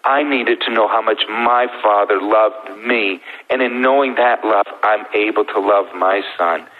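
Middle-aged guy telling his story, low voice, heartfelt, tinny phone-ish sound. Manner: earnest, heartfelt, with slow pauses. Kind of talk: emotional personal testimony.

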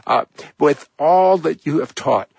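A man's voice: on the high side, slow, creaky, a little mellow, husky, no room sound. A man hosting a faith talk show, interviewing a guest and asking follow-up questions.

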